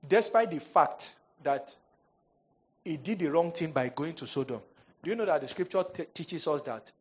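A man's voice: on the high side, normal speed, breathy edge. A male pastor preaching a sermon, telling humorous stories and acting out quoted voices. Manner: animated storytelling, jokes and mock quotes.

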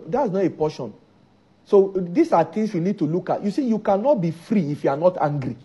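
A man's voice: fairly high pitch, dark tone, slightly rough, muffled recording. A man preaching a sermon, driving his points home by repeating key phrases.

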